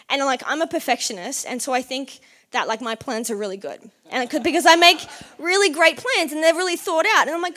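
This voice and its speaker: A young woman with a fairly high voice preaches a sermon fast, with hardly any pauses, speaking earnestly and conversationally. She weaves her own story into scripture, breaking into bursts of lively animation.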